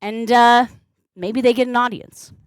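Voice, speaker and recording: A little high and steady, her smooth voice moves unhurriedly with no echo. In casual live-stream chat, this balloon artist gushes her thanks to chat in a bubbly way and plays around, baby-talking her cat.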